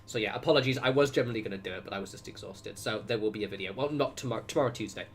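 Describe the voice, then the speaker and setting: A man's voice: lowish voice, rapid-fire, noisy background. A man from Southwest England with a Southern English accent, chatting casually and rambling on a gameplay livestream, swearing now and then and reacting aloud. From England (Wiltshire, Southwest). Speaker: game streamer.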